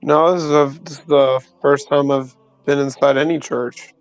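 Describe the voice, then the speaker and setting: A man's voice: medium pitch, fairly even intonation, moderate pace, smooth, faint music behind. A man playing a tabletop game, giving laid-back, brief replies. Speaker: player.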